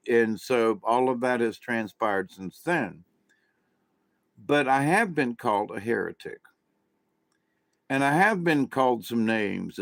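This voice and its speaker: A man rambles through a casual monologue, often stopping to restart his sentences. His voice sits at a middle pitch, and the recording is dry and close. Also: a bit bright, no echo. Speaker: vlogger, self-described channeler.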